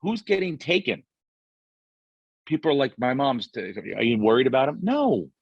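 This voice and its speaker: A man's voice: mid-range voice, lively intonation, normal speed, breathy edge, dry recording, lo-fi sound. Profane rambling man hosting a podcast. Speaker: podcast host. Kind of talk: casual podcast chat.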